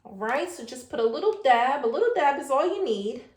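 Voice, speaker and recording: In an echoey room, a woman teaches a virtual preschool class, sounding out letters in a sing-song, coaxing manner and asking the children questions. Her high voice is expressive and fairly quick.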